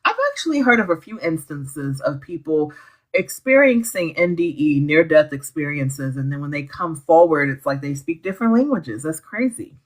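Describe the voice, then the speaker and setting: A woman's voice: deep voice, animated, normal speed, low-quality recording. A woman hosting a live astrology stream, reading out viewer comments in a bubbly, slangy way and laughing easily.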